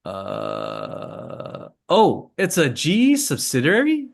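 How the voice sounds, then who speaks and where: A man's voice: medium pitch, huge pitch swings, drawn-out words, vocal fry. A man hosting a casual trading call, rambling through charts with joking asides and lots of fillers. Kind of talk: casual screen-share commentary.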